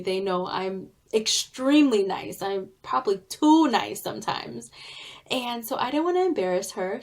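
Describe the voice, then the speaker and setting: Slow, earnest woman sharing a personal story. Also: medium pitch. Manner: earnest, heartfelt, deliberate. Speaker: author and therapist being interviewed.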